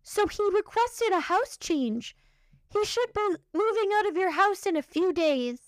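A woman's voice: very high voice, lively intonation, measured pace, no echo, voice pushed up. A woman mimicking a dismissive, skeptical female HR worker who talks in a curt, condescending way.

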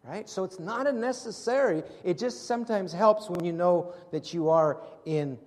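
A man preaching a sermon in an animated way, acting out scenes from the Gospels in different voices. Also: sits high, normal speed. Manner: animated, acts out Bible scenes with shifting voices. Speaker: pastor. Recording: long hall reverb.

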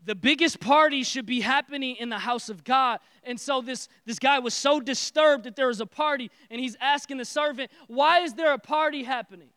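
Hyped-up preacher guy, repeats his lines, bright ringing voice. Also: very high-pitched, moderate pace, few pauses, smooth, no room sound, studio quality. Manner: energetic, repetitive call-and-response preaching. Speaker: pastor. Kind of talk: sermon.

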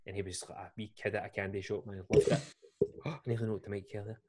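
A man's voice: fairly low pitch, fairly even intonation, quick pace, very noisy. A man with a Scottish accent hosting a podcast, telling long rambling anecdotes in casual chat and laughing often. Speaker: podcast host.

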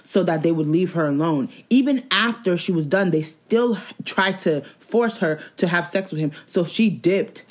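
A young woman in her twenties holds forth in a loose, casual conversation. She is blunt and opinionated, swears freely, and delivers each take with animated conviction. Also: lowish voice, moderate pace, few pauses. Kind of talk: casual chat.

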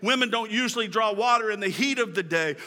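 A male pastor preaching a sermon at a church service, with energetic delivery, repeated words and casual, folksy phrasing. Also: sits high, fast talker. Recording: long hall reverb.

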